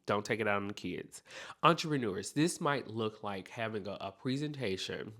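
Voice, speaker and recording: A man hosting a self-help podcast, talking straight to the listener in an animated, encouraging way. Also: lowish voice, moderate pace. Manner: animated, speaks straight to the listener with repeated okays. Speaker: podcast host.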